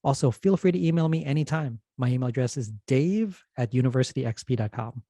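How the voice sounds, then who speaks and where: A man hosting an educational podcast, reading a scripted lesson in a steady, instructive way. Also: medium pitch, quick pace, dry recording. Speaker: podcast host.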